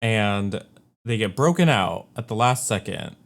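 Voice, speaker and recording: A man's voice: on the low side, animated, a little slow, creaky. A man co-hosting a podcast, recapping a movie's plot in laid-back, casual chat. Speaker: podcast co-host.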